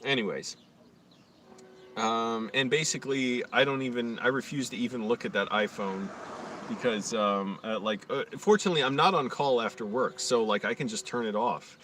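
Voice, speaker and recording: A man's voice: mid-range voice, moderate pace, a bit bright, far from the mic. A young man rants on a live stream at home, rambling and swearing, and he slips into sarcastic mock voices now and then. He sits a little back from the mic. A faint hiss of background noise runs under his voice. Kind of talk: casual ranting monologue.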